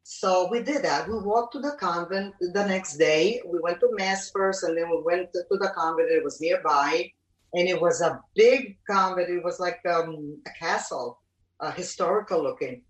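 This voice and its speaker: Middle-aged woman, personal testimony, halting delivery, slightly low, recorded distant and roomy. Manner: halting, many fillers and restarts. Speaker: storyteller recounting a pilgrimage. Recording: roomy, from off the mic.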